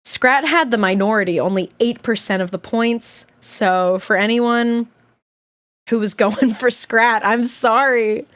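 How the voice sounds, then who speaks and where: A woman streamer with a fairly high voice talks casually to her viewers from a room at home. She is excitable and chatty, and her voice jumps up into loud squealing shouts when something thrills her. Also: measured pace. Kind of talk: casual live-stream chat.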